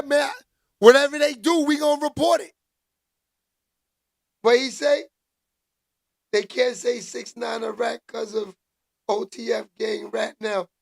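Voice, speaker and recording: A man hosting a casual livestream, loud and joking as he greets viewers by name and reads their comments. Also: extremely high pitch, vocal fry. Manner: loud, joking, shouts out chat names. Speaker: livestream host reading chat. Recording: music playing behind.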